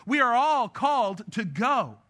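A man's voice: very high voice, big pitch swings, unhurried, bright, forceful tone. A man in his thirties preaching a sermon, talking with the congregation in a conversational, joking way. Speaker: pastor.

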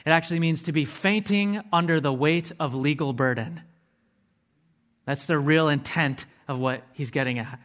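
A man with a somewhat higher-than-usual voice preaches a sermon. He talks earnestly and walks through the meanings of words one at a time. He drops casual asides to his listeners as he goes. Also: moderate pace, a bit bright. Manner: earnest, explains word meanings step by step.

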